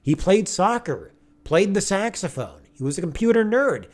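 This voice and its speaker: A man giving casual video commentary with an animated, sarcastic and preachy manner. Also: high-pitched, moderate pace. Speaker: online commentator.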